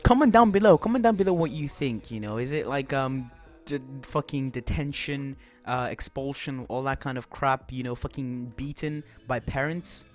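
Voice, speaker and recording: A young man telling a rambling, animated story to camera, swearing often. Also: mid-range voice, moderate pace. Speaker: vlogger.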